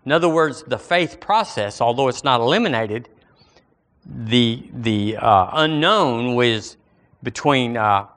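A man's voice: mid-range voice, lively intonation, slow pace, a bit bright. A middle-aged man with a Southern US accent, preaching a sermon as pastor in a folksy way and lifting his voice for scripture. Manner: folksy, rising into emphatic scripture reading.

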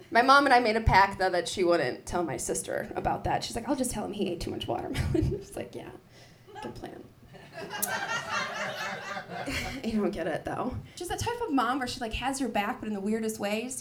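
A woman in her thirties performing a stand-up comedy set, telling stories with big swings up into loud shouts. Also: a little high, recorded from a distance, a little hiss or hum. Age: 30s. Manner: animated storytelling with big jumps to loud shouted voices. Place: comedy club stage. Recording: live club recording with crowd laughter. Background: audience laughter.

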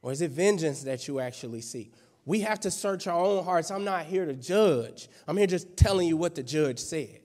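Pastor guy preaching, kinda high voice, loose and joking, lots of questions, big church echo. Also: lively intonation, normal speed, darkish tone. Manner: conversational, playful preaching with rhetorical questions. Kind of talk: sermon. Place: church sanctuary. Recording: long church hall reverb.

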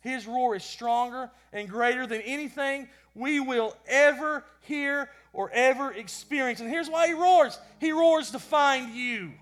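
A man preaching a sermon with passion, swinging between loud bursts and quiet lines, often repeating words as he goes. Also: extremely high pitch, unhurried, hardly any pauses. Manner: impassioned, rising and falling in loudness; repeats words when stumbling.

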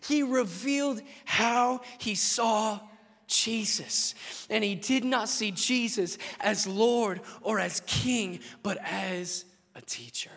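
High, bright preacher in a reverberant hall. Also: male voice, slow pace, gravelly. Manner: impassioned, swings from loud declarations to hushed asides. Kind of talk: sermon.

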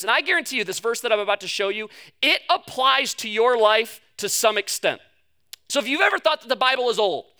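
A man delivers a conversational sermon at a church service. His voice sits very high and sounds bright. He talks in an animated way and slips in jokes and playful asides. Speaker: preacher. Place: church service before a congregation.

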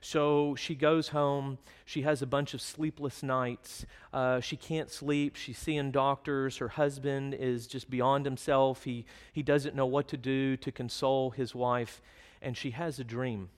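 A man's voice: medium pitch, little pitch movement, measured pace. A man preaching a sermon, telling a story earnestly and then reading scripture verses aloud. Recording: long hall reverb.

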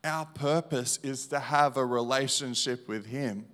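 Delivering an evangelistic sermon laced with his own testimony, this man uses a mid-range voice, repeating lines slowly and emphatically while shifting between quiet and loud passages.

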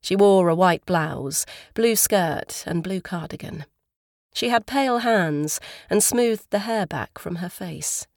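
A woman narrating an audiobook in a calm, even storytelling manner, on a close studio mic. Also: fairly low pitch, takes it slowly, no echo. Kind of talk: scripted narration.

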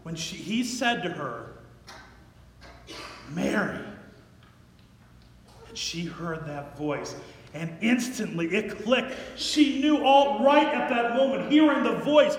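A man's voice: sits high, lively intonation, unhurried, a little hiss or hum. A man preaching a sermon, retelling a scripture story in a conversational, dramatic way with asides to the listeners. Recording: echoey hall.

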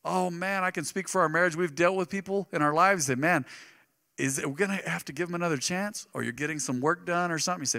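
A middle-aged pastor delivers his sermon with a bright, forceful voice that sits a little high. He tells stories animatedly, jumping from loud bursts to hushed asides. The live church sound carries a long reverb. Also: brisk. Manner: animated storytelling, swings between loud bursts and soft asides. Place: church sanctuary.

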